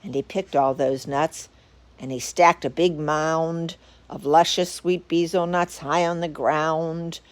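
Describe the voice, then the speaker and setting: A woman reading a rhyming picture book aloud with lively expression. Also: sits low, slow pace. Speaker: storyteller.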